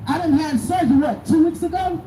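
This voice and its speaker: Angry high-voiced woman addressing a protest. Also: fairly quick, dark tone, soft background music. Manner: angry, raw, preaching to the crowd. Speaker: bereaved mother speaking at a protest. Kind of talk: impassioned protest speech. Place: outdoors at a protest by city hall. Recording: distant echoey noisy outdoor recording.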